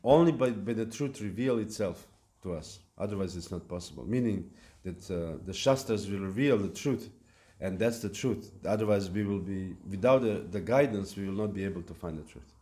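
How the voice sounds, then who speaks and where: A man with a fairly low voice delivers a devotional talk at a temple. He speaks haltingly, often pausing on fillers and restarting phrases as he works through his points. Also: warm tone. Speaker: lecturer at a temple. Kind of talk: devotional lecture. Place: temple hall.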